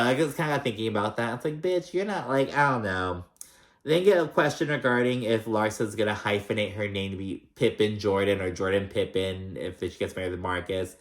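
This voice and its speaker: A man's voice: fairly low pitch, a bit bright. A man casually recapping a reality show, chatty, sassy and profane, with many filler words. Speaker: recap vlogger.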